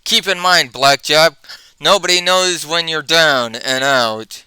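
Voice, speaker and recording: A man's voice: a little high, slow, sharp tone, smooth, no echo, full character voice, low-quality recording. A man reading the lines of a cocky male space raccoon from a comic, brash and bossy.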